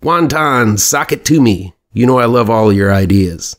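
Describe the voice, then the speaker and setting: A man's voice: medium pitch, animated, measured pace, pitched above the performer's own voice. A man doing a jokey impression of a chummy male studio boss talking on the phone. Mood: chummy breezy.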